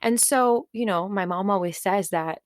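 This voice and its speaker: A woman's voice: mid-range voice, normal speed, no room sound, studio quality. A young adult woman hosting a solo podcast, talking candidly and reflectively in a conversational way with plenty of fillers. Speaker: podcast host.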